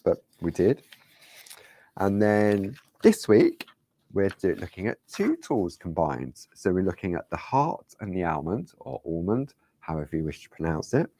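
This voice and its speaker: Man, deep voice, casual craft tutorial host, rambling and chatty, dry close sound. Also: darkish tone, no room sound. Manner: chatty, rambling, asks viewers rhetorical questions. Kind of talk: casual step-by-step craft demonstration.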